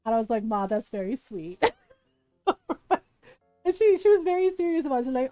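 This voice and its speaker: Woman streamer, chatty and giggly, fairly high pitch, dry close sound, soft music underneath. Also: normal speed, long pauses, no room sound, rough recording. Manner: animated storytelling, giggles often, mimics family. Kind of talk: casual chat while gaming.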